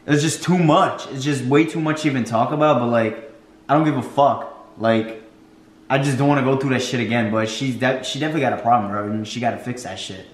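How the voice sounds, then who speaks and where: A man's voice: medium pitch, fairly quick. A young man, friend of the host, talking bluntly and with frustration in a casual vlog, swearing a lot. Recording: echoey room.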